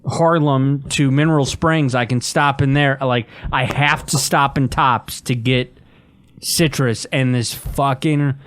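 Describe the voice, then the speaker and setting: A man's voice: mid-range voice, steady tone, takes it slowly, a bit bright. A man, co-hosting a podcast and rambling through a complaint with lots of fillers. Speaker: podcast co-host. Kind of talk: casual podcast chat.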